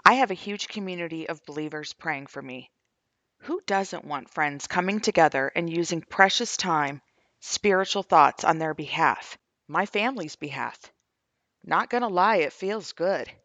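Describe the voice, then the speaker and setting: Earnest grieving mother, gravelly voice. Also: low voice, expressive, moderate pace, a bit bright, no room sound, dull audio. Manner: earnest, questioning, heartfelt. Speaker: grieving mother sharing her faith testimony. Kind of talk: reading her own journal posts aloud.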